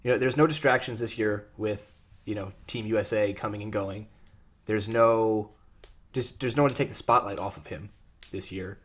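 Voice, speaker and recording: A man with a slightly low voice co-hosts a casual sports talk show. He trades quick, jokey banter and often restarts his sentences as he lays out his takes. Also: fairly bright tone.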